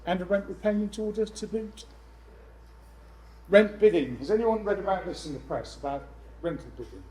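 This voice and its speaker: A man presenting to a room of landlords, lively and jokey with exasperated asides. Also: high voice, normal speed, slight background noise, poor audio. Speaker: letting agent speaking at a landlord event. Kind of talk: live seminar presentation.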